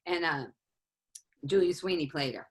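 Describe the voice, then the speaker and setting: A woman's voice: on the low side, moderate pace, rough recording. A woman from the Boston area telling a comic story in a casual chat among friends, acting out the people in it. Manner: animated, acts out voices in her story. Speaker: comedian guest.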